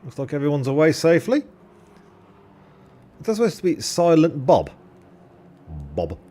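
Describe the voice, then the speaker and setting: A man's voice: a little high, wildly swooping pitch, measured pace, dark tone. A young man commentating a sim race on a live stream, chatty and jokey, with casual swearing and thanks to subscribers.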